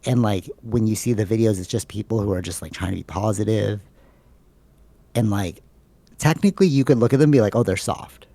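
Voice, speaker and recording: Male podcast co-host, low and gravelly, rambling casual talker. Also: a little fast, dark tone. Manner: rambling, filler-heavy, says "like" and "bro" a lot.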